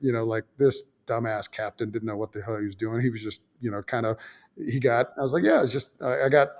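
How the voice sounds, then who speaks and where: A man's voice: medium pitch, a little mellow. A man in his fifties, a former fighter pilot, telling a story as a guest in casual conversation; he swears freely, pokes fun at himself and stacks fillers and restarts.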